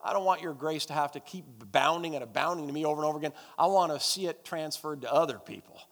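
A man's voice: on the high side, fast talker, a bit bright. A man preaching a sermon and leading prayer in a church, emphatic and repetitive, calling out to the congregation. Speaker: pastor. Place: church service. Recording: long church hall reverb.

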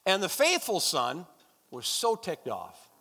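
A man's voice: high-pitched, huge pitch swings, takes it slowly, pushed and bright. A man preaching a sermon and leading prayer in a church, emphatic and repetitive, calling out to the congregation. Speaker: pastor. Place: church service. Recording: long church hall reverb.

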